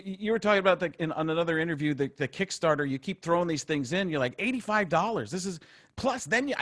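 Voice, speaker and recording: A man's voice: sits high, fairly bright tone. A man hosting a podcast over a video call, asking rambling questions with many restarts. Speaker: podcast host. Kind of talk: casual podcast conversation.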